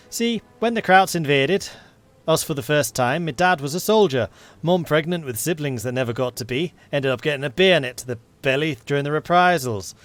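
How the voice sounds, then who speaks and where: A man voicing a gruff, blunt Yorkshire military policeman with a put-on Northern English accent, grumbling in a folksy way. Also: mid-range voice, close to an everyday voice.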